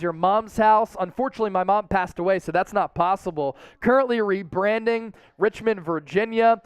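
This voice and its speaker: High-voiced excitable male stream host. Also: clean tone, no room sound. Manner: excitable, talks straight to the chat. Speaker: host of a live draft stream. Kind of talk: live-stream commentary, chatting with viewers.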